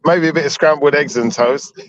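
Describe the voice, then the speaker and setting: A man's voice: a little high, fairly quick, lo-fi sound. A man with a London accent chatting casually in laid-back, teasing banter. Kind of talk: casual chat.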